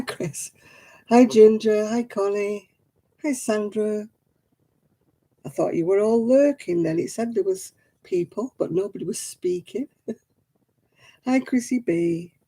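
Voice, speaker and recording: Middle-aged British woman hosting a homely stream, friendly chatter to viewers, soft husky voice. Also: mid-range voice, unhurried, long pauses. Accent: British English. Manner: chatty, greeting viewers by name. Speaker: livestream host. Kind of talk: casual live-stream chat.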